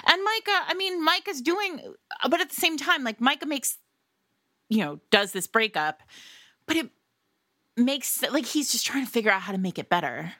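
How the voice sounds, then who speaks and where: A woman's voice: high voice, expressive, moderate pace, pushed and bright, dry recording, clean studio sound. A woman co-hosting a podcast, talking about a book in a casual, effusive, rambling way full of fillers. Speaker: podcast co-host. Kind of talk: casual book-discussion chat.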